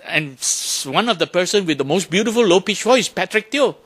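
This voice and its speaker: A man giving a Buddhist dharma talk to an audience, animated, often asking questions and imitating sounds to make his points. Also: high voice, brisk, breathy edge. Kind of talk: lively talk to a temple audience.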